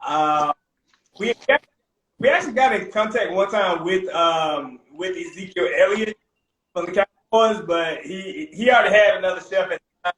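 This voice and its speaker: A young man, a private chef, casually telling animated stories as a podcast guest. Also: sits high, moderate pace. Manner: animated, peppers talk with "man" and "bro". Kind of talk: casual storytelling. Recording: roomy echo.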